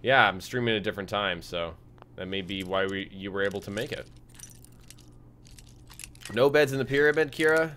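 A man's voice: fairly low pitch, normal speed, long pauses, a little hiss or hum. A young man streaming a game, casually chatting and reading out viewer messages with frequent fillers. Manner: relaxed, reads chat aloud, frequent fillers. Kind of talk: casual live-stream chat over gameplay.

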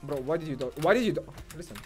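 A young man commentating on his own gameplay, excitable and foul-mouthed, swinging from muttering to yelling and ranting. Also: a little high, rapid-fire, soft background music. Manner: excitable, swears, rants, swings from mumbling to yelling. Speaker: gamer streamer.

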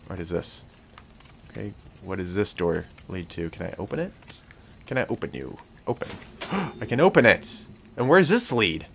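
Excitable young man narrating his game. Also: medium pitch, slight background noise. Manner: excitable, swearing, talks to himself. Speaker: gameplay commentator. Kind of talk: let's play commentary.

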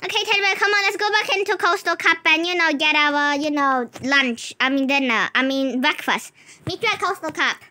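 A woman with a high, bright voice narrates a game role-play for her channel. She chats easily, turning between her co-player and the viewers. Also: fairly quick. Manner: chatty, talks to a co-player and to viewers in turn. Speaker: gaming channel host.

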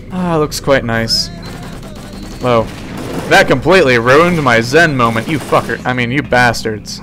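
A man's voice: mid-range voice, a little slow, pauses often. Young man, game commentary, rambling, jokey, talks to characters, faint music behind. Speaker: let's play host. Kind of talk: casual gameplay commentary.

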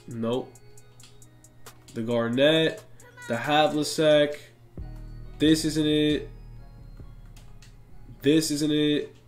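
Young man, excitable gaming commentary, slangy, echoey room, faint background music. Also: medium pitch. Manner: excitable, slangy, talks to viewers. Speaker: gaming YouTuber. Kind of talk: hyped game commentary.

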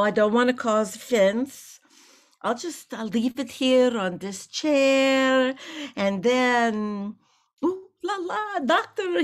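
A woman's voice: a little high, heavily acted. A woman playing a rambling, nervous older wife. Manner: rambling, nervous chatter with frequent laughs. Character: aging chatty wife visiting her sick husband. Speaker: actor in a play reading. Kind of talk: staged play reading.

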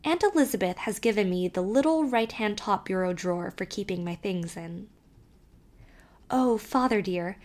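A woman narrating an audiobook, reading a child's first-person letter aloud with expressive, varied delivery. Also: mid-range voice.

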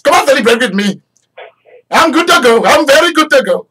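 A man's voice: slightly rough, exaggerated voice. A man doing an overjoyed promoted man with an Indian English accent. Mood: overjoyed, disbelieving. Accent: Indian English (imitated). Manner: rapid, exclamatory, high and excited. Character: overjoyed newly promoted man, giddy with disbelief.

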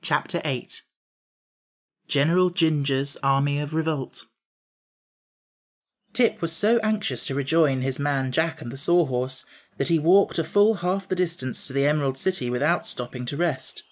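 A man narrating a classic children's novel as an audiobook in a measured reading. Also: a little high. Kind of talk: scripted storybook narration.

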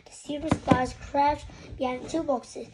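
A woman's voice: high-pitched, fairly even intonation, measured pace, very noisy. A woman reading a children's story aloud, with occasional stumbles and slips over the words. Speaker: story reader.

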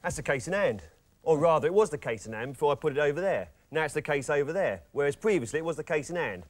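Man as salesman, glib patter, deadpan, quick, lively pitch, sitcom. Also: background noise, natural voice. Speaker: fast-talking salesman. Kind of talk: sitcom comedy acting.

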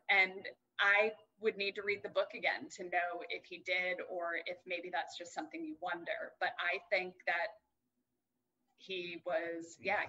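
A woman's voice: fairly low pitch, bright, forceful tone, lo-fi sound. A young adult woman co-hosting a podcast, chatting casually and swearing freely as she rants. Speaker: podcast co-host. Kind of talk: casual chat.

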